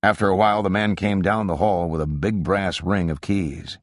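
A man narrating a literary novel as an audiobook, in a measured, even reading. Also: low-pitched, no echo, studio quality.

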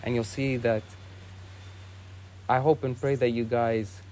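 A young man, a monk, telling a saint's story in a relaxed, casual way with lots of "you know" and "like". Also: mid-range voice, unhurried. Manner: easygoing, many fillers like "you know" and "like".

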